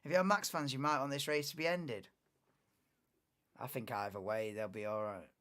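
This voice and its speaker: A man's voice: mid-range voice, fairly even intonation, normal speed, a bit bright. A young man hosting a live race watchalong, chatting casually, muttering asides and swearing freely.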